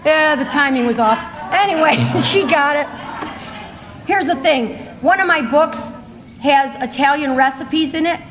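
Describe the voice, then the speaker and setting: A middle-aged woman speaking at a conference, telling funny stories in a chatty, animated way and laughing often. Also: high-pitched, a little slow, background noise. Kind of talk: humorous storytelling talk to a live audience. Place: large conference hall. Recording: reverberant hall with faint ambience.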